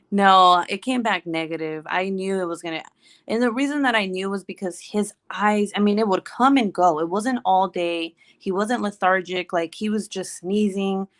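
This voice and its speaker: A woman in her thirties chatting casually to camera, telling an animated story full of quoted voices. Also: medium pitch, moderate pace. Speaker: vlogger. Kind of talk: casual chat.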